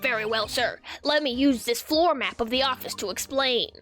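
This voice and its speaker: A woman voicing a gruff, deferential male detective, lowering her voice and ending lines with "sir". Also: moderate pace, a bit bright, faint music behind, natural voice. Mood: dutiful.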